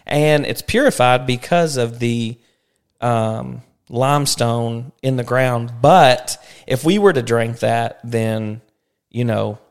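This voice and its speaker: A man's voice: mid-range voice, slow pace, smooth. A man hosting a casual family podcast, telling travel stories in a chatty way and ending with an upbeat sign-off.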